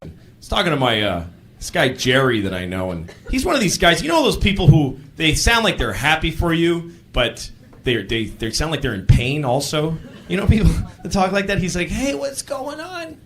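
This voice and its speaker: A man performing stand-up comedy, acting out the people in his stories by shouting them in a high voice. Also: big pitch swings, normal speed. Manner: acts out shouting characters in high voice. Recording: live club with crowd. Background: audience laughter.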